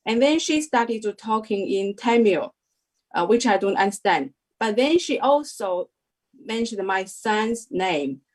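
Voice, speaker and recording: A young adult woman giving a halting interview testimony, full of fillers and restarts. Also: on the high side. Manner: hesitant, many fillers and restarts. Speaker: devotee sharing a testimony.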